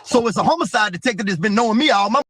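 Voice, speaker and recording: A man's voice: high-pitched, expressive, racing, a bit bright, no room sound. A man telling a profane, vivid story as an interview guest. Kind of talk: casual storytelling.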